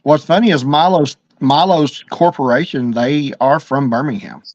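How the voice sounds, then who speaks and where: A man's voice: fairly high pitch, normal speed, darkish tone, dry recording. A middle-aged man with an Alabama accent, co-hosting a livestream and telling stories in an easygoing way, often repeating words. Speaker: livestream co-host. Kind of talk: casual chat. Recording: dry, lo-fi livestream audio.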